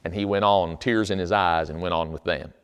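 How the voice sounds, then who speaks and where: A man's voice: low-pitched, fairly even intonation, a little fast, clear, resonant tone. A man preaching a sermon, telling stories in an emphatic, conversational way. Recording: long hall reverb.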